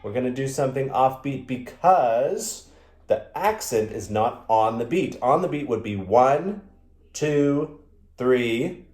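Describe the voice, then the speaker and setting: A man's voice: medium pitch, lively intonation, slow pace, darkish tone. A man teaching a violin lesson, patiently counting beats aloud in a sing-song way. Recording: echoey room with violin playing.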